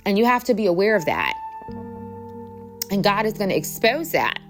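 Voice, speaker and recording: A woman's voice: medium pitch, sing-song, moderate pace, over music. A woman talking casually to her viewers, telling a story in a chatty, rambling way with lots of fillers. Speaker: spiritual coach.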